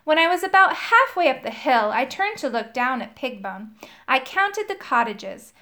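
A woman with a high voice reads a children's storybook aloud, and her pitch rises and falls a great deal from line to line. She tells the tale in the first person with an expressive storyteller's lilt. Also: moderate pace. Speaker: storybook reader.

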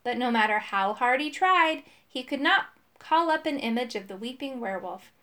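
A woman narrates a children's chapter book aloud. Her reading is clear and steady, and her voice sits a little high. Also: normal speed. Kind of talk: audiobook storybook reading.

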